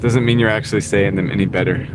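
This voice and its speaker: A man's voice: on the low side, steady tone, quick pace. A man chatting casually and joking as he drives his delivery route, chuckling often. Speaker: delivery driver streaming live. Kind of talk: casual chat while driving. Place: inside a car. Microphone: small wireless clip-on mic. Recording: road and wind noise.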